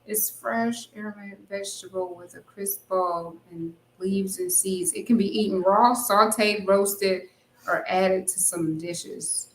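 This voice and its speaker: Casting: talkative host, mid-pitched woman, echoey room. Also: steady tone, measured pace. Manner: chatty, reads viewer comments aloud. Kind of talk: casual live-stream chat.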